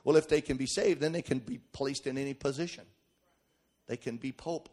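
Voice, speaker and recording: A middle-aged man preaching a sermon, emphatic and folksy, swinging from shouted points to quiet joking asides. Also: mid-range voice, brisk.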